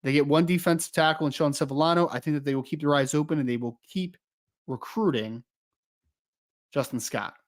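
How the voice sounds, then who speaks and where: A man's voice: a little high, a little fast. A young man co-hosting a live-streamed podcast, chatting casually, rambling and joking, and easily sidetracked. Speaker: podcast co-host.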